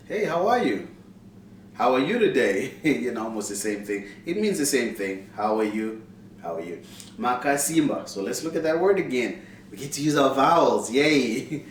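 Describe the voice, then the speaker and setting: A man from Zimbabwe giving a casual video language lesson, upbeat and repeating words to drill pronunciation. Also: medium pitch. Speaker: language teacher. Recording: roomy echo, distant mic, faint background noise.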